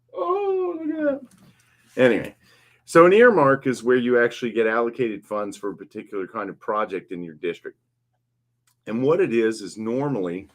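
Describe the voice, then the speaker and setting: A man in his fifties, a political candidate talking casually on a live stream, blunt, passionate and rambling. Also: on the low side. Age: 50s. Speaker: congressional candidate.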